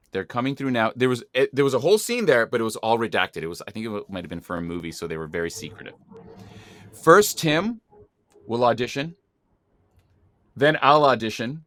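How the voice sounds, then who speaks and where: A male podcast host with a bright, forceful voice and a playful, showy way of running segments. The sound is close and dry, with no room tone around him. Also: mid-range voice, no echo. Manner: playful, theatrical announcing. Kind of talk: casual podcast hosting.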